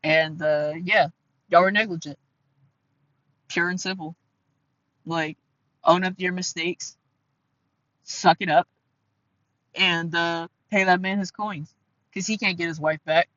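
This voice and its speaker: A man's voice: sits high, fairly even intonation, measured pace, pauses often, bright, forceful tone, no room sound, dull audio. A man with an Ohio accent and a nasal voice, talking casually in a commentary vlog, rambling with lots of fillers and restarts. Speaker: commentary channel host.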